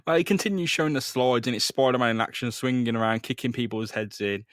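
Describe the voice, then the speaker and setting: A man's voice: mid-range voice, fast, no room sound. Male podcast co-host, wry crude recap narration, dry close sound. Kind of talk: comic comic-book recap.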